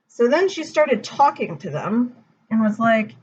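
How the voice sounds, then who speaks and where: A young woman with a fairly high voice retells a myth in a relaxed, slangy way, slowly and unhurriedly. Her voice comes through a dull, lo-fi recording with faint background noise. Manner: laid-back, slangy, lots of fillers. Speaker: storyteller.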